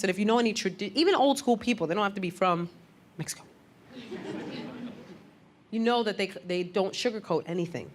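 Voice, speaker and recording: A woman comedian doing a stand-up set, brash and animated, landing blunt punchlines. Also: mid-range voice. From Puerto Rican heritage. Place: comedy stage before a crowd. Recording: live club with loud audience laughter and noise.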